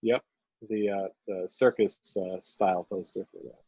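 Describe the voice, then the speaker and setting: A man co-hosting a live painting stream, talking casually in halting, joking bursts full of uhs. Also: low-pitched, fairly even intonation, vocal fry, darkish tone, husky, no echo, muffled recording. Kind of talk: casual chat while painting.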